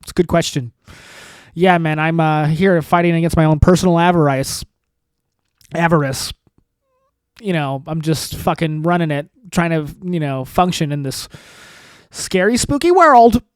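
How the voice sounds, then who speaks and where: A man hosting a solo comedy podcast, rambling through self-mocking dark jokes and sarcastic asides. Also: on the high side, fairly even intonation, normal speed, clean tone, dry recording. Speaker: podcast host.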